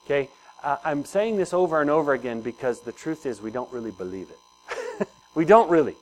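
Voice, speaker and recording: A man's voice: fairly high pitch, very animated, a little fast, rough recording. Conversational man preaching a sermon. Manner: conversational, asks the congregation questions and repeats phrases. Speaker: pastor.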